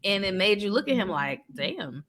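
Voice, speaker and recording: A woman chatting casually about a horror movie, animated and slangy, breaking into loud exclamations. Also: medium pitch, fast talker. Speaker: podcast co-host. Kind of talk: casual movie recap chat.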